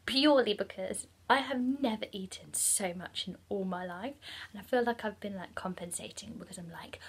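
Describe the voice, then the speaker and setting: A young woman talking casually in a personal vlog, chatty, with many ums and bursts of excitement. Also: mid-range voice, moderate pace, slightly rough. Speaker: vlogger.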